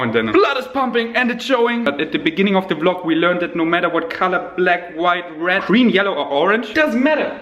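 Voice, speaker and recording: A man chatting casually in a daily vlog, playful and jokey. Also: high-pitched. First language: German. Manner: playful, jokey, animated asides. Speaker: vlogger. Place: home kitchen indoors. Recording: roomy home camera audio.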